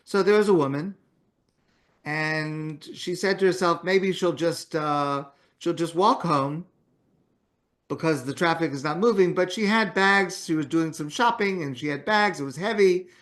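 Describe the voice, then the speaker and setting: Higher-voiced rabbi telling a story. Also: male voice, unhurried, fairly bright tone. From Canada. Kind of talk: morning talk with storytelling.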